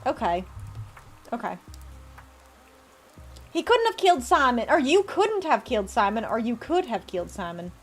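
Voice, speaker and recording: A woman streams a game live, her high voice jumping around animatedly as she chats playfully with her viewers. She reads the game's lines aloud between remarks, with soft music playing underneath. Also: sing-song, moderate pace, pauses often. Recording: faint music behind.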